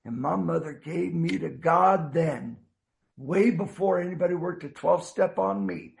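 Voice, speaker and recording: A man in his fifties or older shares his recovery story with earnest, halting warmth, often restarting his sentences and dropping in a casual "man.". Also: on the high side, gravelly. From United States. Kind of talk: heartfelt personal storytelling.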